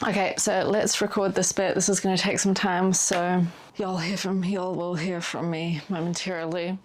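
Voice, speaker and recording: A woman's voice: fairly low pitch, level tone, moderate pace. A woman with a New Zealand accent, a songwriter chatting casually in a vlog, peppered with "like". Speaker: songwriter vlogger.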